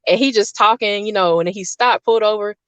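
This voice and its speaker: Animated woman telling a story. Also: mid-range voice, fast talker, smooth, no room sound. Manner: animated, laughs often while telling a story. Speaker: host. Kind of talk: casual storytelling chat. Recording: dull dry lo-fi sound.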